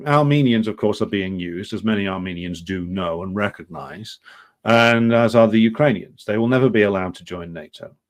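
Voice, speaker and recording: A man delivering off-the-cuff commentary while reading from an article. His voice sits a little low, and he often stalls on fillers and restarts. His tone is dry and sardonic. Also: brisk. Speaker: political commentary host.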